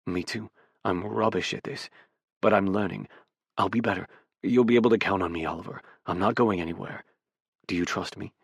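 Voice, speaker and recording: A man doing a low-voiced footballer, husky and hushed, a gruff man gone tender in an audiobook romance, spoken close in a dry room. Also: fairly quick, no room sound, exaggerated voice. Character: gruff, tender adult male footballer lover. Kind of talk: audiobook character voice.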